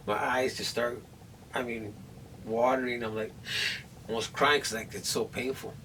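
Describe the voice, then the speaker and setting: A man with a mid-range, steady, fairly bright voice talks at a moderate pace while vlogging at home after an operation. Aching and uncomfortable, he nervously rambles and restarts his story repeatedly, and the distant camera mic picks up faint room noise.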